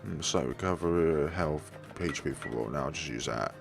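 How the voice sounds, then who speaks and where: A man's voice: a bass voice, normal speed, gravelly, over music. A man casually commenting on a video game and reading its dialogue aloud. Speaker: let's play gamer.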